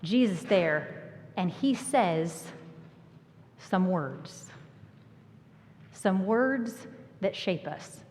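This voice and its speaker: A woman preaching a sermon, telling the story with lively acted-out lines and sudden hushed asides. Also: on the low side, very slow, pauses often, a little hiss or hum. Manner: animated storytelling, acting out voices and dropping to a whisper. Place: church sanctuary. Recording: long church hall reverb.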